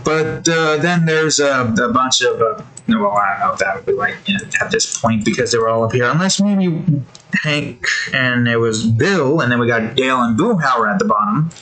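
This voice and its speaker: A man's voice: medium pitch, lively intonation, normal speed, bright, forceful tone, low-quality recording. A man hosting a drawing video, telling loose, meandering stories in a casual, slangy way with lots of self-corrections. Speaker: digital artist and channel host. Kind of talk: casual rambling commentary while drawing.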